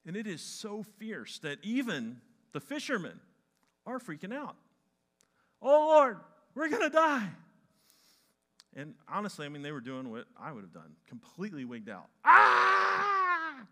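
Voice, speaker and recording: Animated pastor, bright lively voice. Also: male voice, on the high side, normal speed. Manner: animated, acts out Bible scenes with shouts. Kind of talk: sermon.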